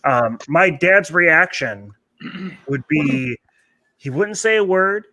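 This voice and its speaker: A man's voice: fairly high pitch, animated, takes it slowly, noisy background. A man co-hosting a casual chat, easygoing, who slips into a sponsor plug. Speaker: co-host.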